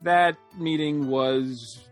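A man co-hosting a podcast, speaking casually with many halting ums. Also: a little high, faint music behind. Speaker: podcast co-host. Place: Atlanta area.

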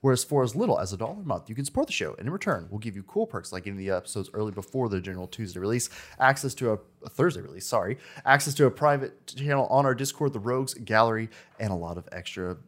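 A man co-hosting a video game podcast, chatting casually and rattling through upbeat shout-outs. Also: lowish voice, animated, fast talker, hardly any pauses. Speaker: podcast co-host.

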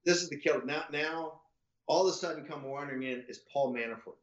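A man's voice: fairly high pitch, fairly quick. Male podcast guest, loose profane storyteller who acts out the other voices; muffled, echoey room sound. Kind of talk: casual anecdotal storytelling.

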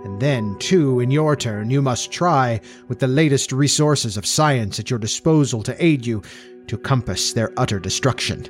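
A man voicing a solemn elderly male professor who speaks quietly and gravely, with an even, metallic ring. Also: mid-range voice, faint music behind, close to an everyday voice. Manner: quiet, grave, slow and final.

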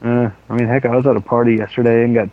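A man's voice: medium pitch, flat delivery, rapid-fire, no echo. A man co-hosting a casual gaming podcast, telling rambling profane stories, with a sore throat. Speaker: podcast co-host. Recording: tinny phone-like line.

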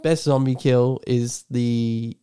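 A man co-hosting a casual film podcast, retelling scenes with animated energy and frequent laughter. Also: mid-range voice, slow pace, clean tone. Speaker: podcast co-host. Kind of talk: casual film review chat.

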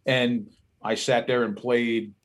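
Speaking slowly in a mid-range voice, a male musician with a Philadelphia accent tells animated, profane stories as a guest in casual podcast conversation.

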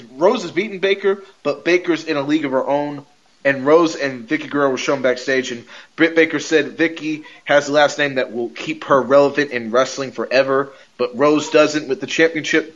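A man co-hosting a podcast, recapping wrestling shows in an animated, casual way, swearing and laughing as he goes. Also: a little high, muffled recording. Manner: animated storyteller, swears and laughs mid-sentence. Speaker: podcast co-host.

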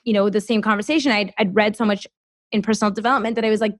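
A woman in her thirties, a former lawyer, appears as a guest on a casual podcast and tells her story in a racing, animated way packed with fillers. Her pitch is mid-range for a woman, and the recording is close and dry with no room sound or echo.

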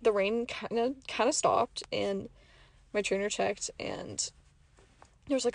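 Chatty young woman with gravelly fry. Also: fairly high pitch, no echo. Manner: chatty, rambling, lots of fillers and "like"; drops to soft whispered asides. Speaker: podcast host. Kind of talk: casual chat.

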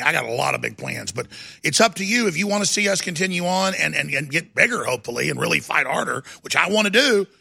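A man's voice: mid-range voice, gravelly, pushed and bright, husky, no room sound, studio quality. A middle-aged man hosting a political talk show, delivering an emphatic, ranting monologue. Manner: emphatic, ranting, restarts and rising intensity.

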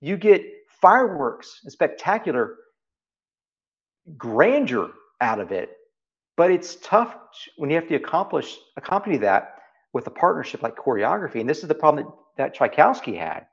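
A middle-aged Texan man talks in an interview, his pitch rising and falling widely as he presses each point home and repeats key phrases. The sound is dull and lo-fi. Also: sing-song, normal speed. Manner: emphatic, repeats phrases for stress. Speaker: guest, private equity CEO. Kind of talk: reflective interview talk.

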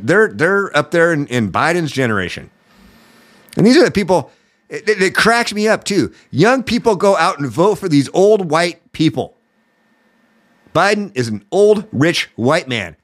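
A male podcast host delivers political commentary in a mocking, exasperated rant. His voice sits at an ordinary middle pitch. He talks like someone airing grievances to a loyal audience.

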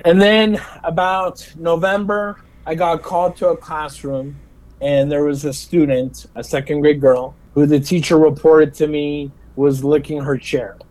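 Animated man repeating his words. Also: a little high, unhurried, rough recording. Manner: animated, laughing storyteller. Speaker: guest, special education teacher. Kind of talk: storytelling in a casual interview.

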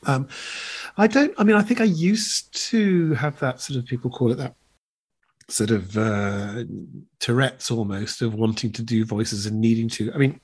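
A middle-aged man talks with a husky, slightly breathy voice, recorded close and dry. He rambles quickly through a casual chat and keeps slipping into bits of other voices. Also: mid-range voice, lively intonation, a little mellow, no room sound. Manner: quick, rambling, slips into voices mid-sentence. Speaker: guest impressionist.

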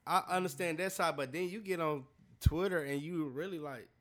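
A man's voice: a little high, normal speed, fairly bright tone. A man co-hosting a casual sports podcast, blunt and joking with lots of slang.

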